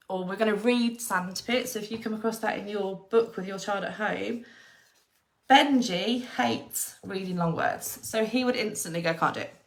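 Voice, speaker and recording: A woman, a former teacher, explaining phonics to parents and patiently sounding out letters one by one. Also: medium pitch.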